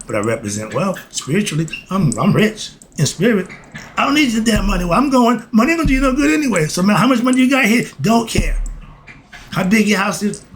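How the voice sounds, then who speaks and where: A man giving a casual spoken commentary on philosophy in blunt street talk, breaking into sudden shouts and then settling down again. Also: sits high, a little hiss or hum, low-quality recording. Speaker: host.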